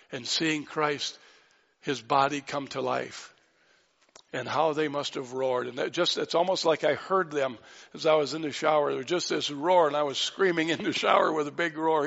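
A man's voice: fairly high pitch, creaky, fairly bright tone. A man preaching a sermon, fervent, rising to exclaim lines of scripture. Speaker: pastor. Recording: dull sound in a reverberant hall.

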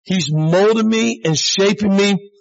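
A man's voice: high-pitched, unhurried, creaky. A pastor in his sixties giving an earnest, conversational sermon in a plain-spoken way. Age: 60s. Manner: earnest, plain-spoken, addresses the congregation as folks. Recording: dull lo-fi recording.

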